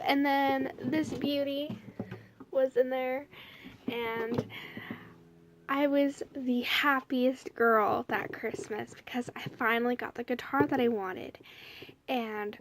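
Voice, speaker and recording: A woman's voice: a little high, steady tone, normal speed, no echo. A young woman casually telling a personal story to the camera, chatty and rambling, full of "like" and "you know". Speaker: vlogger.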